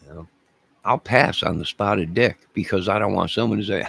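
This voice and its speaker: Gravelly low-voiced Southern man rambling. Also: normal speed, a bit bright. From American South. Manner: rambling, jokey, talks to chat viewers by name. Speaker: live stream host reading chat. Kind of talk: casual live-stream chat.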